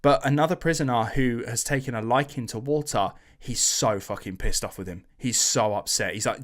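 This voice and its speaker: A man hosting a podcast, telling a history story in a casual, animated way, swearing and acting out quotes in slangy voices. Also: mid-range voice, normal speed, few pauses.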